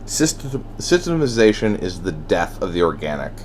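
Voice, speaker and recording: Animated, profane ranting man. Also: sits low, moderate pace, a little hiss or hum. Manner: profane, blunt, swings between heated shouting and quiet brooding; laughs wryly between thoughts. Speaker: podcast host. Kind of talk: solo ranting monologue.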